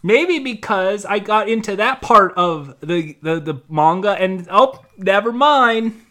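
A man's voice: high voice, slow. A man co-hosting a podcast, talking casually and playfully, often slipping into comic bits. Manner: animated, playful, doing bits. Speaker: podcast co-host.

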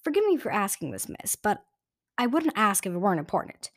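A courteous, worried storybook boy speaks with careful persistence, as a woman reads his part. His lines sit a little above the reader's own voice, soft-edged and polite. The sound is close and dry, with no room around it. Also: medium pitch, big pitch swings, fairly quick, no echo. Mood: polite, earnest.

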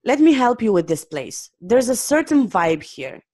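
A quirky wandering man speaks calmly and insists gently on helping, voiced by a woman reading aloud. His voice rises and falls with expression. It is a plain storybook reading voice. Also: on the high side, moderate pace, pitched above the performer's own voice. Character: calm, quirky wandering man offering help.

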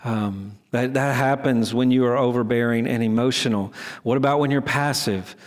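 A middle-aged pastor preaches a sermon at a moderate pace in a medium-pitched voice. He's conversational and pokes fun at himself, often starting his sentences over. The recording carries a long hall reverb.

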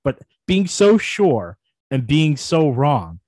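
A man's voice: fairly high pitch, big pitch swings, slow, darkish tone, dry recording. A man co-hosting a casual podcast, rambling and self-deprecating, with many restarts. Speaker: podcast co-host.

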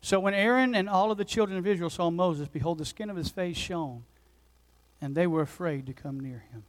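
A man in his forties, a pastor preaching a passionate sermon that swings between loud urgency and hushed intensity. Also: sits high, a little fast, rough recording. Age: 40s. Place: church sanctuary.

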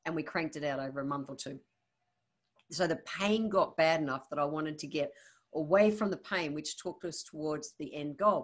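A middle-aged woman, giving a candid, conversational motivational talk on her podcast and telling anecdotes. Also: sits low. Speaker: podcast host.

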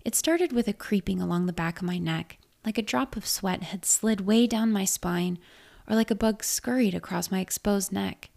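A woman narrating a first-person story in a measured, reflective way. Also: medium pitch, creaky, darkish tone.

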